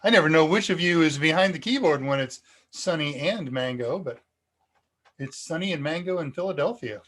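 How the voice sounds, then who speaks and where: A man's voice: a little high, normal speed, a bit bright. Chatty American man hosting a live tech Q&A. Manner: rambling and chatty, with frequent ums and asides. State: slightly dizzy and foggy. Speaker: host of a live tech Q&A stream. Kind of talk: casual live-stream Q&A. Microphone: cheap USB desk microphone.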